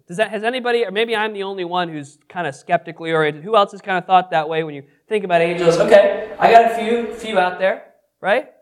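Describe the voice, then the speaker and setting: A man leading a Bible study in a casual, conversational way, often asking the group questions and adding self-deprecating asides. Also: sits high. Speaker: pastor teaching a Bible study. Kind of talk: casual interactive Bible teaching.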